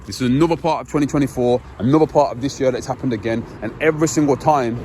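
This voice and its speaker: A man's voice: medium pitch, fast talker, warm tone. A young British man vlogging outdoors, ranting in frustration and addressing his viewers directly in slang. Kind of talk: ranting to camera. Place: outdoors by a vehicle impound. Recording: outdoor street noise.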